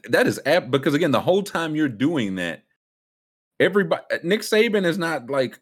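A man hosting a casual sports talk show, animated and joking, jumping between thoughts. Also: fairly high pitch, fairly quick, slightly rough. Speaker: sports podcast host.

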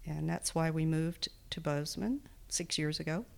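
A woman's voice: low-pitched, normal speed, creaky. An older retired woman with a Texan accent, talking candidly as a podcast guest, with a self-deprecating humor. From Texas. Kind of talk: interview conversation.

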